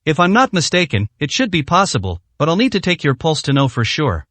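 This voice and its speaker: A confident young doctor states hard facts calmly and plainly, as a male narrator voices him. The voice sits a little high. The read is dry. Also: a little fast, dry recording. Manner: calm, matter-of-fact.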